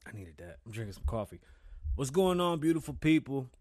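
A man hosting his own podcast, talking loosely and excitably, swearing often and stumbling over words. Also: medium pitch, fairly quick, no room sound, studio quality. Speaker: podcast host. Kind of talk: casual solo podcast talk.

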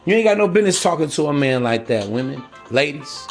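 Man, blunt preachy monologue, slangy, raised pitch, faint music bed. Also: expressive, quick pace. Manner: blunt, preachy, slangy, acts out mocking voices. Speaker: podcast host. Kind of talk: casual monologue.

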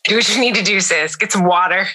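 A woman co-hosts a casual podcast and throws in teasing reactions. Her voice is very bright and sharp, with a middling pitch. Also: quick pace. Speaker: podcast co-host. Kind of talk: casual chat.

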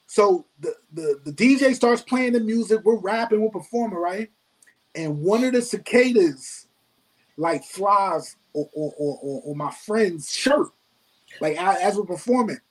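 A man, a rapper guest, telling a story in casual chat, animated and laughing often, repeating himself. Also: sits high, unhurried, poor audio.

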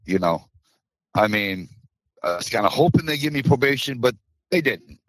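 Tearful man, halting apology, dry sound. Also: medium pitch, expressive, fairly bright tone, no room sound, low-quality recording. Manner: halting, apologetic, many restarts. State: close to tears. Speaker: interview guest, former truck driver. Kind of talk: emotional interview.

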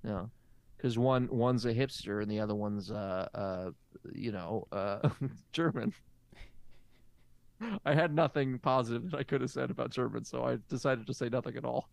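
A man hosting an improvised comedy podcast as a therapist, talking in a lively, stammering, incredulous way. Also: mid-range voice, moderate pace, gravelly. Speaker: comic playing a therapist host.

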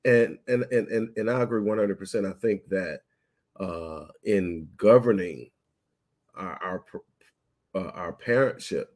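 A man hosting a casual conversation over a video call, measured and reflective, building his points as lists. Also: deep voice, darkish tone.

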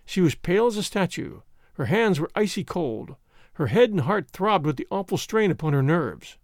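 A man narrating a classic novel as an expressive audiobook reading. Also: high voice, moderate pace, no echo, clean studio sound. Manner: expressive storytelling.

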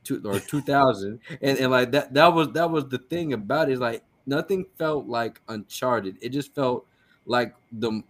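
A man talks as a podcast guest in a mid-pitched voice. His speech is casual and rambling, full of stammered restarts and the odd swear word. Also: a little slow, fairly bright tone.

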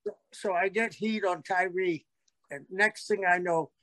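A man in casual chat, telling quick, blunt wrestling anecdotes. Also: sits high, bright, forceful tone, dry recording.

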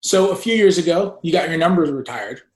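Interviewer with a roomy echo. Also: male voice, fairly high pitch, lively intonation. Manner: halting, restarts questions. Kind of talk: interview questions.

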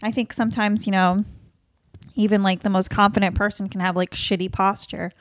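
A woman's voice: mid-range voice, flat delivery, brisk, dry recording. A woman co-hosting a podcast, joking and rambling in casual comedic chat. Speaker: podcast co-host.

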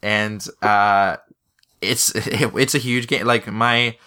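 A man's voice: on the low side, fairly even intonation, takes it slowly, pushed and bright, clear, resonant tone. A young man rambling and swearing in a casual podcast chat about games, restarting his sentences often. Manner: rambling, profane, many restarts. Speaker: podcast host.

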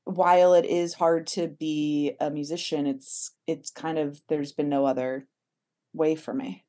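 A woman from Miami, a guest songwriter chatting casually, playful and quick to laugh, often trailing off and restarting. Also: deep voice, level tone, mellow. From Miami, USA. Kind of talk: casual chat.

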